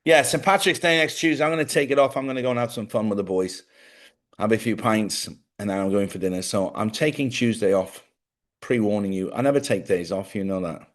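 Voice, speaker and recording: Speaking briskly in a voice on the low side, a man hosts his own live show in a small studio. The talk is chatty, jokey, rambling livestream banter that keeps straying off topic, and he comes across as sleepy.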